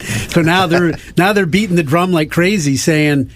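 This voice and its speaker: A man's voice: a little high, normal speed, hardly any pauses. A middle-aged man from Canada, a hockey insider, telling self-deprecating stories on a podcast in a studio. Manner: self-deprecating anecdotes with restarts. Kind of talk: casual podcast storytelling.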